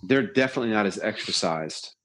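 Man, husky voice, casual chat, animated delivery, acts out quoted lines. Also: lowish voice, brisk. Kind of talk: casual discussion.

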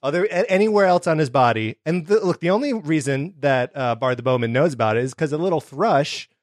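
A man's voice: a little high, a little fast, dry recording, studio quality. Playful man reading and chatting. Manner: playful, animated, laughing. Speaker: podcast co-host. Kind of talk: casual chat and reading aloud.

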